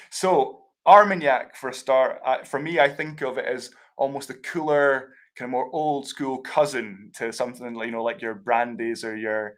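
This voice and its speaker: A man's voice: mid-range voice, little pitch movement, normal speed. A Scottish man talking through a live tasting on a video call, enthusiastic and explanatory, with plenty of chatty fillers. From Scotland. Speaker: whisky brand ambassador.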